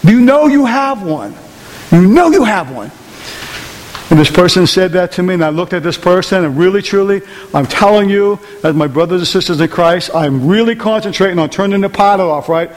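A man's voice: sits high, lively intonation, normal speed, big-room sound. A man preaching a conversational sermon in church, often asking the congregation rhetorical questions. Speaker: pastor. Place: church hall.

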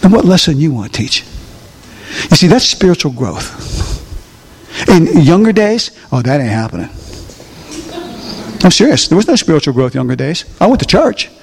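A man's voice: on the high side, big pitch swings, normal speed, gravelly, long pauses, husky, big-room sound. An older man preaching a folksy sermon, often asking the congregation questions. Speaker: pastor.

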